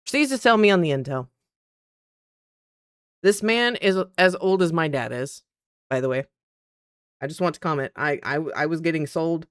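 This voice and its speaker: A woman streamer chatting casually at her PC, telling a story in an animated way and acting out the other people's lines. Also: low voice, normal speed, long pauses, no echo, clean studio sound. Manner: animated, acts out quoted dialogue. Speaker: streamer and content creator.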